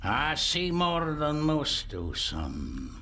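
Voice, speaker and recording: A blind old Scottish gardener, slow and cryptic. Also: male voice, a little high, huge pitch swings, sharp tone, faint music behind, exaggerated voice. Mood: ominous. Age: older. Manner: slow, cryptic, drawling with Scots words.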